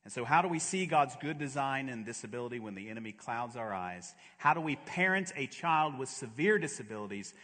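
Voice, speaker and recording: A male pastor preaching a sermon, swinging from hushed, slow lows to fervent, louder peaks. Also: lively intonation. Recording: long hall reverb.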